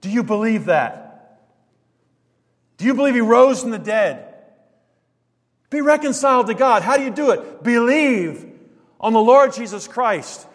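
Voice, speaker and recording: A man's voice: very high voice, in a large hall. A male preacher delivering a sermon, emphatic and full of rhetorical questions, quoting scripture and chuckling at his own stories.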